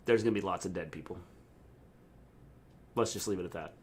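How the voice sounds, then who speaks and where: A man's voice: low-pitched, brisk, a little hiss or hum. A middle-aged man co-hosting a casual livestream chat, making blunt, dry remarks. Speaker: co-host.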